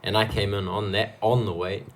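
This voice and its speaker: A man's voice: fairly low pitch, little pitch movement, normal speed. A young man, a kickboxer guest chatting casually on a podcast, laughing often and swearing freely. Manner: laid-back, laughs often, swears a lot.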